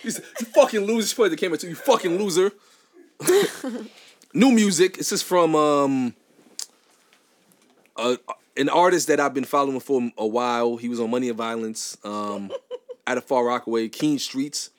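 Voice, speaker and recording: A man co-hosting a casual chat podcast, teasing and relaxed, trading jokes and music picks. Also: mid-range voice, moderate pace, long pauses. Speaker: podcast co-host.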